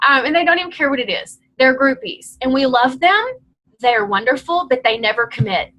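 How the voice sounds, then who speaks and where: A woman's voice: high-pitched, animated, normal speed, a bit bright, highs cut off. A woman leading a team call, coaching her team in a direct, encouraging, chatty way.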